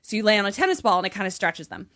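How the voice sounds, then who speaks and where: A young woman chats loosely on a podcast, full of fillers and quick laughs. Her voice sits at a middle pitch and comes through close and dry, with no room around it. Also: big pitch swings, bright, forceful tone, no echo. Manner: chatty, laughing, frequent "like" fillers. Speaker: podcast co-host. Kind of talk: casual chat.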